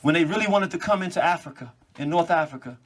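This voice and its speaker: Animated guy monologuing, high voice, fast bursts here and there. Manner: animated, quick bursts with laughs.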